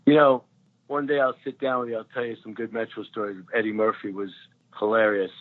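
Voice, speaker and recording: A man in his sixties tells lively stories in a relaxed chat, laughing as he goes. His voice sits on the lower side. The sound is thin and phone-like. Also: fairly quick. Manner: animated storyteller, laughs often. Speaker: actor guest. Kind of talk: casual anecdotes. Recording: tinny phone line.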